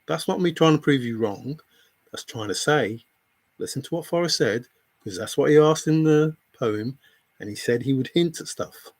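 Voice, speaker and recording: A man's voice: medium pitch, moderate pace. A man on a live stream, talking to viewers in an exasperated, repetitive, lecturing way. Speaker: treasure hunt commentator. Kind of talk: heated live stream rant.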